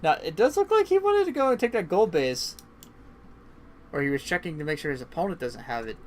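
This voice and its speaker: A man giving casual, chatty play-by-play commentary on a strategy game match, swinging into excited bursts, and sounding tired. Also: a little high, a little fast. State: yawning, tired. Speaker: esports caster.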